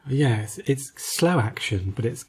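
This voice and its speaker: A man's voice: medium pitch, animated, a little slow, husky. A man co-hosting a podcast, chatting casually about retro games in a rambling, hesitant way with lots of fillers. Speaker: podcast co-host.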